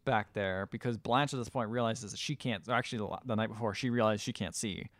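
A man co-hosting a podcast, casually retelling a movie's plot with lots of filler words and quick acted-out quotes. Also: fairly low pitch, fairly bright tone, no echo. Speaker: podcast co-host. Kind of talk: casual chat recapping a movie.

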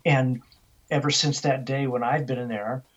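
A man's voice: medium pitch, moderate pace, slightly rough. Older man telling a ghost story over a muffled line. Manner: animated storyteller, acting out quoted voices. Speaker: interview guest. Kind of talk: storytelling in a radio interview.

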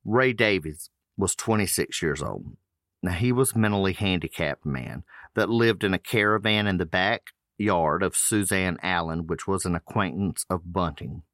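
A man's voice: low voice, normal speed, fairly bright tone, no echo, studio quality. A man hosting a podcast, reading case notes aloud with loose casual asides. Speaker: podcast host.

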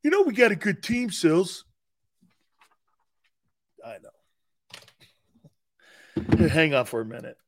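Speaking slowly with long gaps, a man with a fairly high voice hosts a sports talk show and jokes around with viewers in the live chat. He's sarcastic and teasing, often breaking into laughter. His energy is animated, with frequent repeated words and restarts.

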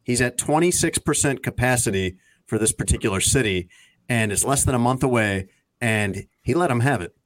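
A man's voice: medium pitch, expressive, moderate pace. A man hosting a radio talk show, rambling and teasing his co-hosts in casual chat. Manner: rambling, teasing, meandering asides.

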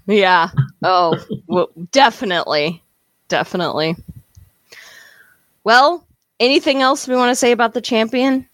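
A woman co-hosting a casual chat about a tabletop game, expressive and quick to laugh as she steers the talk. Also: a little high, dry recording. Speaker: podcast co-host.

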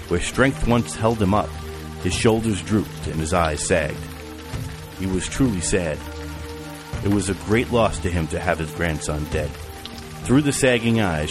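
A man narrating an audiobook in an even, measured reading style. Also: low-pitched. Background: music and rain.

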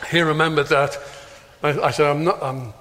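A middle-aged man telling a humorous story at a conference, acting out the dialogue in a lively anecdotal way. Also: fairly high pitch. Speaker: speaker at a prayer conference. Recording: long reverb of a large hall.

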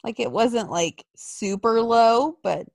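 A woman's voice: on the high side, slow, creaky, darkish tone, dry recording. A woman co-hosting a casual wrestling podcast, tossing in dry, teasing quips. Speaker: podcast co-host.

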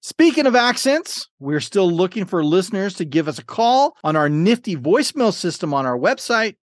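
A man's voice: high voice, sing-song, normal speed, dry recording, studio quality. A man hosting a trivia game podcast, reading questions and fun facts with playful, jokey asides. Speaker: podcast host and quizmaster.

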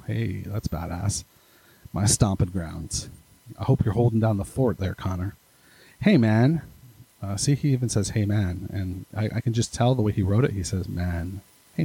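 A man's voice: lowish voice, mellow, breathy edge, poor audio. A man hosting a casual podcast, reading listener emails aloud with rambling, self-deprecating asides. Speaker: podcast host.

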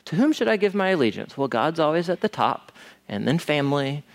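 A man preaching a conversational sermon as pastor, animated and asking his listeners rhetorical questions. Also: on the high side, fairly quick, creaky.

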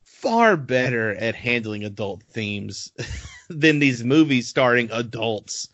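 A man talking on a podcast in a lively, profanity-laced rant, laughing as he goes. The recording is dull and lo-fi with a dry, close sound. His voice sits at an ordinary pitch for a man. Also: takes it slowly, dry recording. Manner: animated, profane ranting with frequent laughs. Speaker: podcast co-host. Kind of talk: casual podcast chat.

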